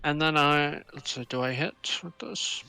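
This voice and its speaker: A man's voice: a little high, fairly even intonation, moderate pace, gravelly, sharp tone, clean tone, dry recording, soft background music. A man playing a tabletop game who hesitantly describes his character's moves, often searching for words. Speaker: player.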